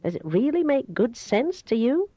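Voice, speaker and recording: A gentle, persuasive male doctor with a soft, melodious voice and a slight Southern accent, as a woman reads him aloud. He coaxes and teases calmly. The recording sounds dull and dry. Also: fairly high pitch, normal speed, breathy edge, no room sound, voice pushed up. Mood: coaxing. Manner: calm, coaxing, gently teasing.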